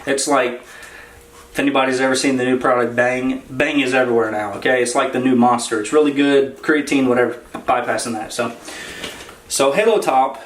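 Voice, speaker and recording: A man co-hosting a casual grocery haul vlog, talking in a relaxed, rambling way with lots of fillers. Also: medium pitch, a little fast. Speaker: vlog co-host. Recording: roomy echo, faint noise.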